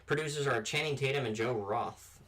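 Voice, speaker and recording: A man's voice: medium pitch, moderate pace, fairly bright tone. A man hosting a movie podcast, reading out film news with casual asides and fillers. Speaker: podcast host.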